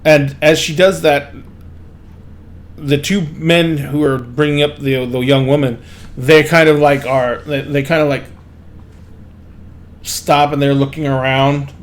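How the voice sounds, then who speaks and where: A man narrating as game master of a tabletop game, his voice sitting a bit high for a man. He tells the scene loosely and rambles, with plenty of "like" and "kinda" between beats. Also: little pitch movement, measured pace, pauses often.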